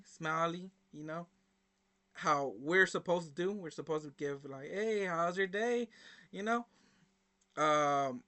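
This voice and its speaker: A young man with a high, bright voice chats casually to his viewers. He rambles through his stories with plenty of fillers and slang, in a loose, informal way. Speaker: reaction video host. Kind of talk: casual storytelling to camera.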